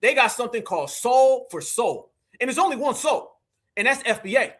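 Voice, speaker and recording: A man's voice: very high voice, lively intonation, moderate pace, a bit bright. A man hosting a live commentary stream, talking in an emphatic, preachy way with lots of slang. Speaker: livestream host.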